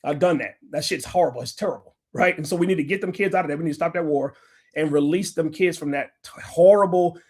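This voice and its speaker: Middle-aged guy ranting on his livestream, cussing, lecturing, pretty high voice. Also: quick pace, a little mellow. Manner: combative, profane, lecturing. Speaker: livestream host.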